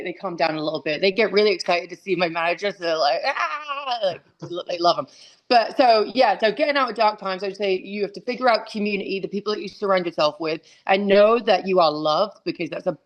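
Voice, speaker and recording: A woman's voice: on the low side, lo-fi sound. A woman, a guest talking candidly and casually, full of fillers and restarts, over a video call. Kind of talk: casual interview chat.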